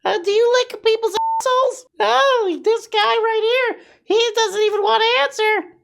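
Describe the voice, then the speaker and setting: A man putting on a very high falsetto to mock a pompous speaker on stage. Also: steady tone, normal speed, gravelly, fairly bright tone, full character voice.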